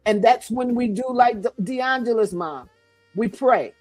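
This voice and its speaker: A woman's voice: on the high side, measured pace, a little mellow, dry recording, faint music behind. A middle-aged woman, a guest author, speaking to mothers in a fervent, repetitive, preaching style.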